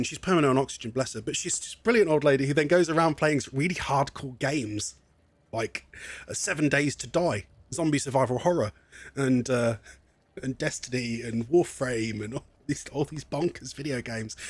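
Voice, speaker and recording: A man's voice: medium pitch, dry recording. A young English man streaming live, chatting in a rambling way and laughing often, a bit wheezy from asthma. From England. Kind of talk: casual live-stream chat.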